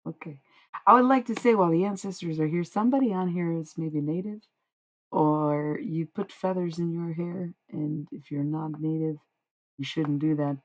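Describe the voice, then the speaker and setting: Gravelly, profane tarot streamer. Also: medium pitch. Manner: profane, confrontational, rambling. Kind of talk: casual live stream talk.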